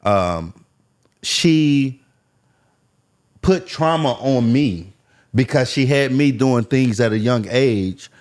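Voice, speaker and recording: A man's voice: medium pitch, expressive, slow pace, long pauses, darkish tone. A man as a podcast guest, earnestly telling his life story and repeating phrases for emphasis. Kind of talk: candid personal story.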